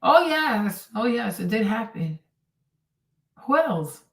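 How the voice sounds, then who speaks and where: A woman's voice: on the high side, very animated, slow. A woman hosting a livestream, giving blunt, exclamatory commentary as she reacts to clips. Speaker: host. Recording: roomy and distant from the mic.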